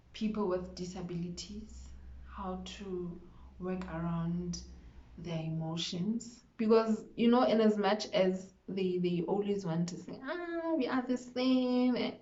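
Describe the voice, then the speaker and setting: A woman's voice: lowish voice, a little mellow. A young woman from South Africa candidly telling a personal story on her vlog, emotional and open, often repeating words as she searches for them. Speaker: vlogger. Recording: echoey room, dull lo-fi sound.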